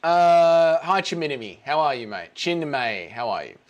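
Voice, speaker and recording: Australian male streamer, slightly high voice, rambly chat with his viewers. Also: sing-song, moderate pace, muffled recording. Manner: rambling, chatty, greets viewers by name. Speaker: live streamer. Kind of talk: casual live stream chat.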